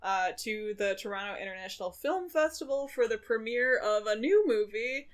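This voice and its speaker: A woman's voice: on the high side, expressive, moderate pace. A young woman co-hosting a podcast in casual chat, dry-humored with frequent fillers. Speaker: podcast co-host.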